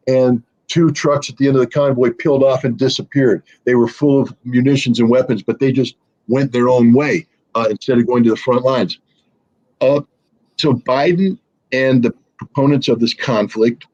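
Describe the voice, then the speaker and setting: A husky-voiced man talks as a guest on a livestream. He is emphatic and sardonic and tells stories to make his point. His audio comes through muffled and lo-fi. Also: mid-range voice, a little mellow. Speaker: guest analyst. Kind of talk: livestream political discussion.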